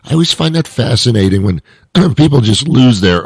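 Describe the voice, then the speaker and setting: Man, host, very low voice, dry close sound, comic monologue, rambling with wry asides. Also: lively intonation, measured pace, dry recording. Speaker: show host. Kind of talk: comedic monologue.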